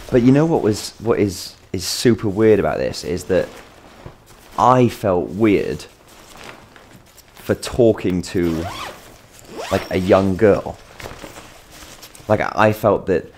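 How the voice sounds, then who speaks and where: Fields: man, deep voice, rambling storyteller. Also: a little mellow. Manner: rambling, self-deprecating anecdote with asides and jokes. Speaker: vlogger. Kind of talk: casual storytelling vlog.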